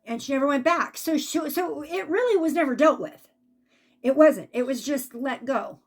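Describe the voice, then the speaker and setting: A woman giving a casual spiritual reading as an intuitive reader, chatty and animated when she acts out what spirits say. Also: high-pitched, normal speed.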